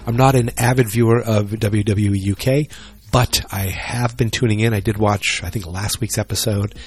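Male vlogger, lowish voice, loose rambling delivery with self-mocking jokes. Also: fairly even intonation, normal speed, darkish tone, slightly rough. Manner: rambling, joking, self-deprecating. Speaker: solo wrestling vlogger. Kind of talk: casual rambling chat.

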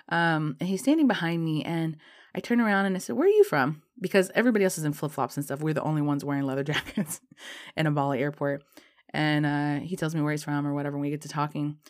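A woman with a notably low speaking voice tells a personal story to her viewers. She is chatty and loose, leans on fillers, and slips into lively acted-out dialogue as she goes. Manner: chatty, lots of fillers like "um" and "you know".

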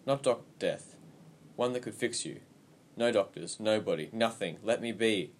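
A man doing a squeaky, curt, dying creature. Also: moderate pace, a little hiss or hum, lightly acted. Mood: weary, curt.

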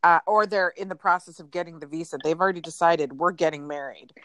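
A woman's voice: fairly low pitch, fast talker, no room sound. A woman in her thirties co-hosting a casual chat podcast, telling anecdotes animatedly with many ums and uhs. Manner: animated storyteller, fillers like um and uh. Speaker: podcast co-host.

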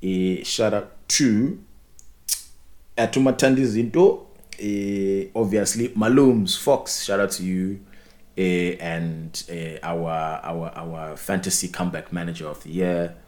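A young man co-hosting a podcast, chatting in an animated, opinionated way with many restarts. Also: deep voice, slow pace. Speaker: podcast co-host. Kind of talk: casual podcast chat.

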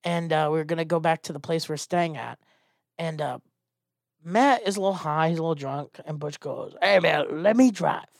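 A man, a stand-up comedian, telling a casual, animated story and acting out the people in it. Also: on the high side, brisk, gravelly, no echo, studio quality. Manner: animated, acts out quoted voices.

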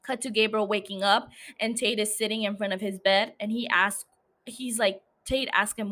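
A woman's voice: mid-range voice, fairly even intonation, moderate pace, a bit bright. A woman hosting a casual recap podcast, chatty and loose, swearing, laughing and filling with "like" and "uh". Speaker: podcast host recapping a TV series.

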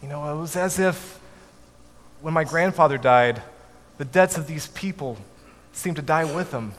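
Man telling a story in an echoey hall. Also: on the high side. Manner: measured, dropping softly at line ends. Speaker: speaker telling a family story. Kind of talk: storytelling talk to an audience. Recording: echoey hall, faint background noise.

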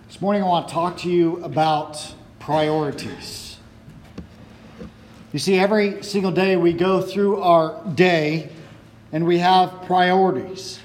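A man's voice: high-pitched, steady tone, a little slow, a little hiss or hum. A man preaching a sermon who reads scripture aloud, prays, then preaches. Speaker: pastor.

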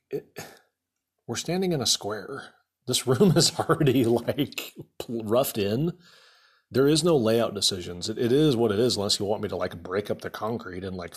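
Husky, exasperated contractor man. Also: fairly low pitch. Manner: exasperated, rambling, many fillers. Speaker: remodeling contractor. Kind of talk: casual storytelling rant.

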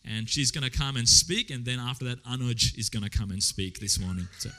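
A man's voice: mid-range voice, fairly quick, sharp tone, slight background noise. A man leading a church service who introduces the next speakers in an informal way. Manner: informal, with fillers and restarts while he introduces speakers.

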